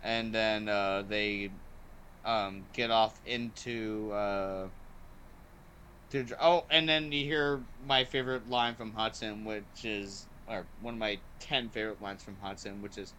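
A man chats casually as a podcast host. His voice is bright and forward. He rambles with eager energy, leaning on "like" and "um" between thoughts. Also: lowish voice, unhurried, a little hiss or hum. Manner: excited and rambling, heavy use of "like" and "um". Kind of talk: casual movie review chat.

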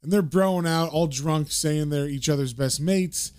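A man hosting a casual comic book recap, retelling the story in a chatty, relaxed way. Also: a little high, unhurried, clean tone.

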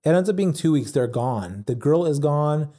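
A man's voice: on the high side, lively intonation, normal speed, mellow. A man casually retelling a story, rambling with lots of fillers. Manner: rambling, many fillers like "like" and "yada yada". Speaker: storyteller recapping a documentary. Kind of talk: casual chat.

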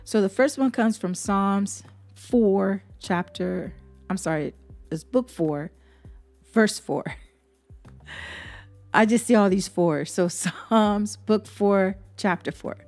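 A woman's voice: medium pitch, slow, darkish tone, faint music behind. A woman hosting a devotional podcast, reading Bible verses and preaching in an earnest, repetitive way. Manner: earnest, preacherly, repeats herself for emphasis. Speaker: podcast host.

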